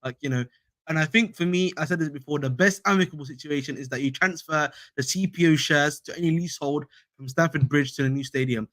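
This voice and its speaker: A man's voice: fairly high pitch, fast talker, a bit bright, no echo. A young man hosting a casual fan live stream, slangy and repetitive, calling viewers bro. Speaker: fan channel host.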